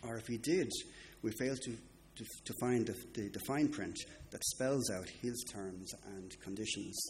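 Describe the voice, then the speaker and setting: A man with a fairly low voice preaches with earnest emphasis, slowing down for his key points and speeding through his asides. The delivery is steady and measured, like a teaching sermon. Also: a little hiss or hum. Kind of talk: sermon with book recommendations.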